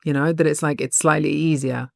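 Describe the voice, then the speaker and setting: Female co-host, casual science chat, easy laughs, low voice. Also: steady tone, fairly quick, gravelly, no echo, studio quality. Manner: warm, laughs easily, thinks aloud with restarts.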